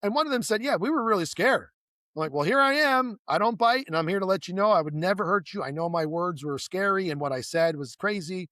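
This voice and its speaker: A guest with a fairly high voice talks fast, telling a long story in an easygoing, conversational way. He is an animated, rambling storyteller who restarts sentences, adds asides, and acts out quoted dialogue. The sound is close and dry.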